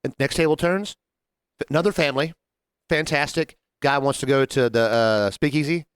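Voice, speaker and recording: A man's voice: mid-range voice, normal speed, smooth, no room sound, clean studio sound. A man co-hosting a casual bar-industry podcast, telling work stories and acting out what people said. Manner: animated storyteller, acts out quotes. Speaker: podcast co-host, bartender. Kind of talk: casual chat.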